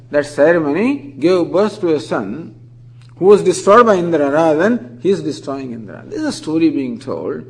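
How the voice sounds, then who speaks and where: Man teaching scripture, slightly higher voice. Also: rough recording. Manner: explanatory, reciting Sanskrit terms slowly, then expanding in English. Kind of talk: scripture lecture.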